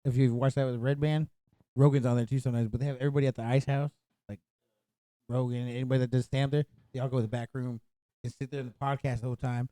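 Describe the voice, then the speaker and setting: A man's voice: mid-range voice, quick pace, no echo. A man co-hosting a casual podcast chat, laughing often and telling stories with energy. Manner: laughs often, animated storytelling. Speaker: podcast co-host.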